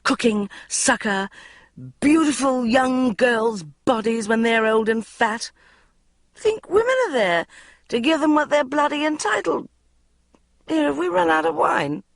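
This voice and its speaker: A loud, ranting woman friend, put on by an audiobook narrator, hurling outrage at the men who wrong her friends. Her voice climbs high and swings widely with each complaint, close and dry with no room sound. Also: expressive, a little slow, creaky, no echo, exaggerated voice. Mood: growling. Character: ranting indignant woman friend at a boozy dinner. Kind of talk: audiobook reading.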